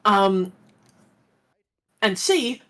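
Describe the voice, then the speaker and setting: A man's voice: high voice, big pitch swings, very slow, bright, forceful tone. An Australian man chatting casually on a game stream, rambling with lots of fillers.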